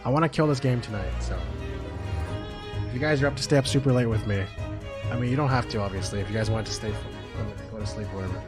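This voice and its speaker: A man's voice: fairly low pitch, fast talker. A man streaming a game, chatting casually and swearing, his voice strained and tired. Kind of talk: casual live-stream chat. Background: game music.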